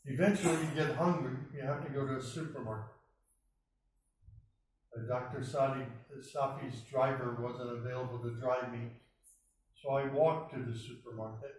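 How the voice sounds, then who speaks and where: A man's voice: medium pitch, steady tone, moderate pace, slight background noise. A man from the United States earnestly telling his personal testimony, acting out the voices of people he met. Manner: earnest storytelling, acts out quoted dialogue. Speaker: speaker telling his conversion story. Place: mosque hall. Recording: very echoey hall, mic at a distance.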